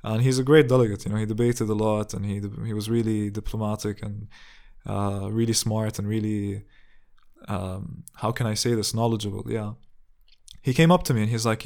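A man's voice: lowish voice, steady tone, moderate pace, darkish tone. A young man hosting a podcast, telling a personal story in an earnest, reflective way, with many restarts and fillers. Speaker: podcast host. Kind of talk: casual storytelling monologue.

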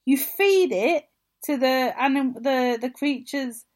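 A woman with a high voice chats on a gaming podcast. She tells her stories in a lively, animated way. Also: slow pace. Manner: chatty, animated storytelling. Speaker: podcast co-host. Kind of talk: casual chat.

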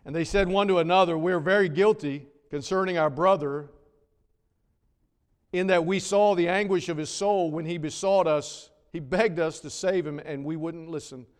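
A man's voice: fairly high pitch, moderate pace. Preacher man in a reverberant hall. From North Carolina. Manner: dramatic swings from loud to hushed. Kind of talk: sermon. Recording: long reverb of a large hall.

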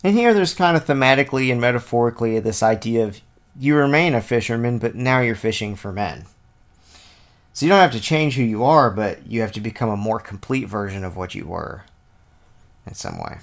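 A man at a medium pitch leads an informal scripture lesson. He reads passages aloud and then explains them in a loose, conversational way. He drifts through side remarks and thinks out loud as he goes. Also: animated, fairly quick, vocal fry. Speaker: Bible teacher. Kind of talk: informal Bible study teaching.

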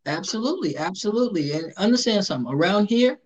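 A man hosting a casual interview, joking around in a playful, animated way. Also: high voice, quick pace, husky, muffled recording. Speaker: host.

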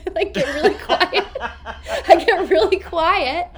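A woman telling stories in a casual interview over a video call from a hotel room, animated and laughing, acting out her own lines while recovering from covid. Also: very high-pitched, a little slow. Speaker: actress guest.

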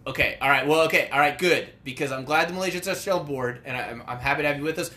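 A man's voice: fairly high pitch, rapid-fire, bright, forceful tone. A man co-hosting a casual podcast, rambling and laughing often, swearing casually. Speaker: podcast co-host.

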